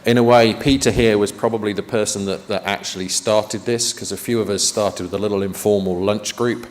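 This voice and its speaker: A man presents to a conference audience, chatty and fond of dry joking asides. His voice sits a little low. The talk is caught in a meeting hall with a long, lingering reverb. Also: fairly even intonation, brisk. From United Kingdom.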